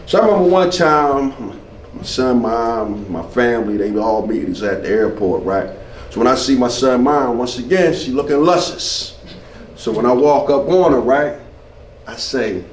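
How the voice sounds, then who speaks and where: A man's voice: mid-range voice, lively intonation, moderate pace, a little hiss or hum. A retired military man in his fifties doing a stand-up comedy set, telling loose stories and bantering with the crowd. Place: small club stage. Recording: roomy club sound from far off.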